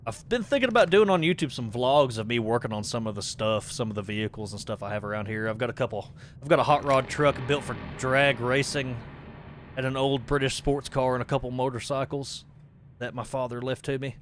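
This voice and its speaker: A man's voice: mid-range voice, fairly quick, a little hiss or hum. Chatty man yelping through a horror stream. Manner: chatty and rambling, jumps to startled yelps and swearing. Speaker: gaming streamer. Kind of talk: live horror gameplay commentary.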